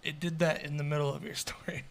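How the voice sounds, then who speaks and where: A man's voice: a little high, little pitch movement, fast talker, gravelly, a little hiss or hum. A man on a podcast chatting casually about a candle flickering, amused and hesitant, full of fillers. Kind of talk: casual chat.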